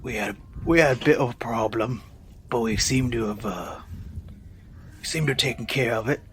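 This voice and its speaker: A man doing a befuddled rough-voiced bloke, rambling on in a mid-pitched, plain folksy way. Faint hiss sits under the voice. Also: moderate pace, a bit bright, close to an everyday voice. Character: dazed man with a put-on rough British accent.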